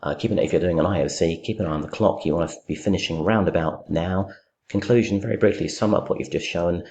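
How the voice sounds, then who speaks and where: A man's voice: sits low, fast, a little mellow. A middle-aged man teaching a poetry commentary, thinking aloud with many fillers and restarts. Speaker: English literature teacher. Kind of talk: recorded lecture, poetry commentary.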